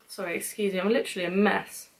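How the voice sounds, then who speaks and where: A woman's voice: medium pitch, pushed and bright. A young woman with a British accent, rambling and giggling through casual vlog outtakes, often mocking herself. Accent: British English. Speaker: vlogger.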